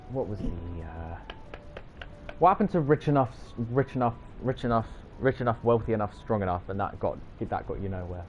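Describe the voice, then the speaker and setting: A young man with a lowish voice streams a racing game, trading teasing, jokey banter with his chat. The audio is slightly dull, with music behind him and slight background noise.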